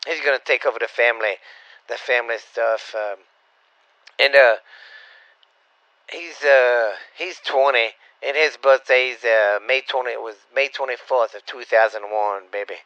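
Profane Louisiana man, bright, dry. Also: mid-range voice, unhurried, dry recording, lo-fi sound. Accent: Southern Louisiana. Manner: profane, loose, calls listeners baby. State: slightly sore voice. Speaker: podcast host. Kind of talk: rambling casual podcast talk.

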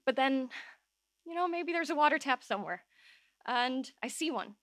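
A woman telling a true personal story live on an open-air stage, emotional and halting, voice shaking at times. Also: high-pitched, lively intonation, fairly bright tone, no echo, clean studio sound.

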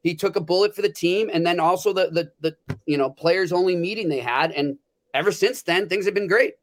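A man's voice: high-pitched, a little fast. A man co-hosting a sports betting podcast in casual chat, often stumbling and repeating words as he starts a thought, with a North American accent. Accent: North American English. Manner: hesitant, repeats words when starting sentences. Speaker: podcast co-host.

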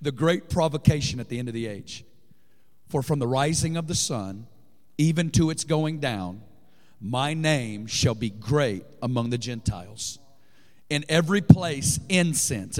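A man's voice: a little high, lively intonation, measured pace. Fervent preacher man in a reverberant hall. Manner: fervent, builds to shouting peaks. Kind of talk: sermon. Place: large church hall. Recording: long reverb in a large hall.

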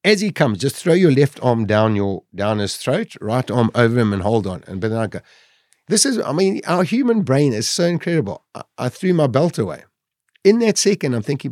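A man's voice: medium pitch, sing-song, normal speed, darkish tone, no room sound, clean studio sound. Man telling a survival story. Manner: vivid retelling, acting out his own inner voice. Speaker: podcast guest. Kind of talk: dramatic personal storytelling.

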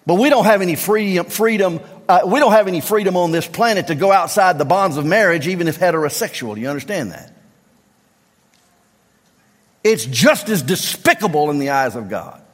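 A middle-aged man with a Southern US accent preaching a sermon, emphatic, repeating refrains and swinging from low tones to near-shouts. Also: lively intonation, fast, hardly any pauses. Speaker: pastor. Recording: long reverb of a large hall.

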